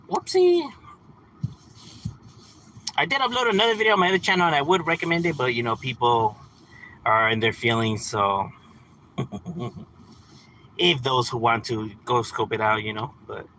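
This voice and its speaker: A man's voice: mid-range voice, animated, moderate pace, pushed and bright, slight background noise, rough recording. A man in his thirties from California, talking casually on a livestream in a laid-back, slangy way and laughing often. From San Fernando Valley, California. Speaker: livestream host.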